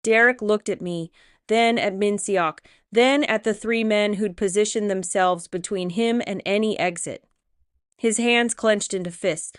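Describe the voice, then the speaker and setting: Clear-voiced woman reading an audiobook. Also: mid-range voice, measured pace, no echo, clean studio sound. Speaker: audiobook narrator. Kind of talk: scripted first-person audiobook narration.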